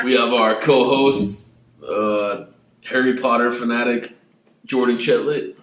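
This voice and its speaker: A man's voice: medium pitch, level tone, unhurried, a bit bright. A man hosting a casual podcast, loose and jokey, laughing often as he talks. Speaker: podcast host. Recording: echoey room.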